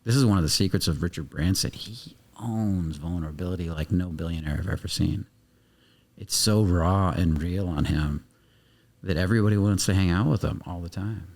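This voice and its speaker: A man with a low, darkish voice talks at a moderate pace as a guest coach on a podcast. It's animated interview talk: he speaks intensely, swears freely, and acts out little scenes of dialogue.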